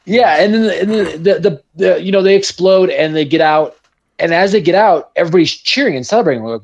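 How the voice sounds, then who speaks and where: A man chatting casually about a movie with friends, swearing often and acting out lines from it with excitement. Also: high-pitched, quick pace, creaky, highs cut off. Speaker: podcast co-host.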